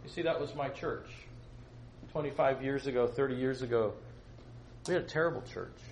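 A man preaching a sermon to young people, animated and joking, swinging between loud outbursts and soft asides. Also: medium pitch, normal speed, vocal fry. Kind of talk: sermon to a youth congregation. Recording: echoey room, faint room noise.

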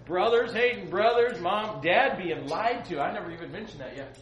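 A man's voice: high voice, normal speed, slight background noise. A man teaching a casual Bible class, retelling the story with jokes and asides to his students. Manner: joking, lively storytelling with asides. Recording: echoey room.

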